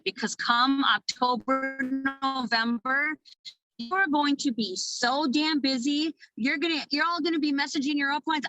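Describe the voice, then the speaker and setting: A woman from Minnesota in her thirties giving a casual, energetic motivational training talk to her sales team, swearing freely. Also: high voice, normal speed, no echo, lo-fi sound. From Minnesota, USA. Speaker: network marketing team leader.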